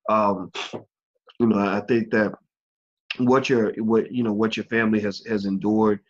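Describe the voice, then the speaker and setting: A man hosting an online interview show, talking in a halting way with many fillers and restarts. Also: lowish voice, level tone, highs cut off. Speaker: host.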